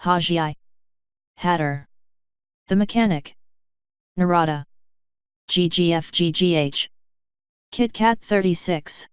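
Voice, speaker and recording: Woman slowly reading off a list of names, smooth clear low-ish voice, kinda dull lo-fi sound. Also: no room sound. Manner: slow, even list reading. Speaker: fanfiction reader.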